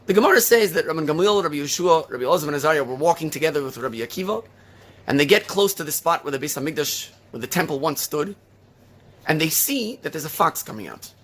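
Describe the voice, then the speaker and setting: A male rabbi preaches a sermon, rattling off rhetorical questions and retelling a story with lively emphasis. His voice is on the high side and he speaks fast.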